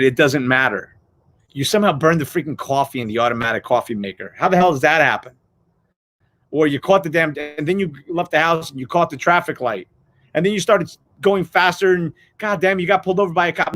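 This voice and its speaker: A man's voice: fairly high pitch, a bit bright. A middle-aged man hosting a motivational live show, talking casually and animatedly, swearing freely and acting out everyday scenes.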